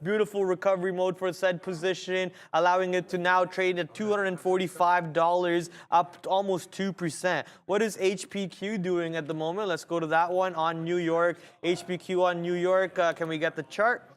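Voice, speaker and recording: A man with a high, light voice talks traders through the market on a live show. His delivery is brisk and chatty, full of restarts and repeated words. He sounds like he is on a trading floor studio set. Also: flat delivery, clean tone. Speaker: day trading show host.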